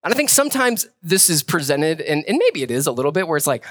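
A male pastor giving a sermon in a relaxed, conversational way. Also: a little high, fast, few pauses, no room sound. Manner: conversational, casual.

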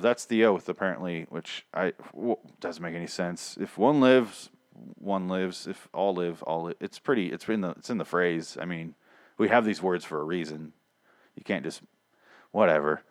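A man's voice: sits low, normal speed, no room sound. A man giving a casual, sarcastic and profane recap of TV episodes, rambling as he goes. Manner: sarcastic, rambling, heavy swearing. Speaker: show reviewer.

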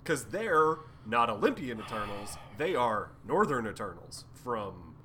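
A man's voice: medium pitch, big pitch swings, measured pace, bright, forceful tone, slight background noise. A man co-hosting a podcast who retells a comic in casual chat, jokingly acting out the characters' lines with crude humor. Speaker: podcast co-host.

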